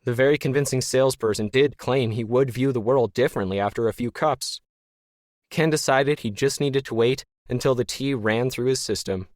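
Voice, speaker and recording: A man narrating a science-fiction story in a wry, deadpan manner. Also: medium pitch, moderate pace, no room sound, clean studio sound. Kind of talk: scripted narration.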